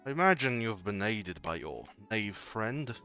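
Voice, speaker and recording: A man doing a weary, skeptical old lord in a tabletop game, clipped and measured, with a low, soft, bright-edged voice. The character sounds tired and guarded. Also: very animated, soft background music, full character voice. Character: tired older noble lord, a stern father. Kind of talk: game master voicing a character.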